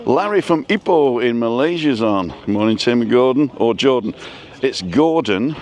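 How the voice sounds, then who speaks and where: A man's voice: mid-range voice, expressive, unhurried, darkish tone. A man hosting a casual live stream while walking outdoors through a seaside town, chatting and reading out viewers' names. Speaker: vlogger host.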